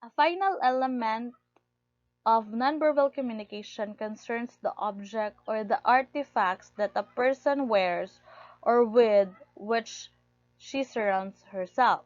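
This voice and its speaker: Slow-paced woman lecturing, dull lo-fi sound. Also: on the high side, no echo. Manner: reads steadily from notes, stressing key words. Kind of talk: recorded lecture. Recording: dull lo-fi recording, dry.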